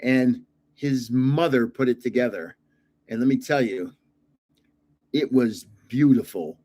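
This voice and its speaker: Here the older card-collecting host sounds mid-range and dark-toned, moving at a measured pace. He talks informally while tearing into packs and chuckles over his own predictions.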